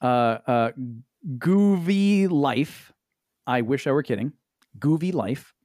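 A man on a podcast telling a story in an exasperated, animated way, swearing freely and swinging up into high pitch. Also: moderate pace, no room sound, clean studio sound. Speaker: podcast co-host. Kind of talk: casual storytelling chat. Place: Los Angeles.

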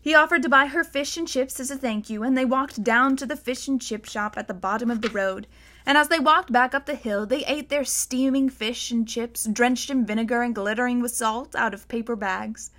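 A woman's voice: on the high side, moderate pace, bright, forceful tone. A woman reading a novel aloud as narrator, telling the story evenly and without hurry. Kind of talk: audiobook narration.

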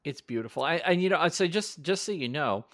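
A man in his forties co-hosting a casual chat show, telling stories with lively acted-out quotes and frequent laughter. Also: on the high side, fairly quick, no room sound, clean studio sound. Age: 40s. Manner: animated storyteller, acts out quotes, laughs often. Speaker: podcast co-host.

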